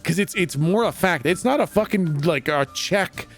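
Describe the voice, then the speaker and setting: Rambling game master, lively voice. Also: male voice, sits high, moderate pace, soft background music. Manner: rambling, casual, with fillers and profanity. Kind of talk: narrating a tabletop game.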